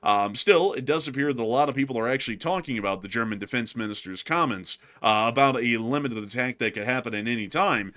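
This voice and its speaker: A man's voice: mid-range voice, fast talker, hardly any pauses. A man hosting a casual war news commentary show, talking through headlines with a co-host. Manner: animated, jokes and laughs with co-host.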